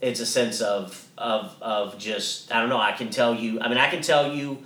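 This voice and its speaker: A man's voice: medium pitch, fairly even intonation, normal speed, bright, forceful tone, roomy sound, recorded from a distance. A man co-hosting a podcast, telling a story in a casual, rambling way with many restarts and some swearing. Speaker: podcast co-host.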